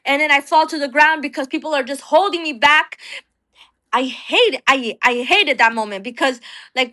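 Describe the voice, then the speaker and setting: A woman's voice: high-pitched, moderate pace, bright, forceful tone. A young woman from New Jersey, an interview guest telling an emotional personal story, restarting and repeating words as she talks.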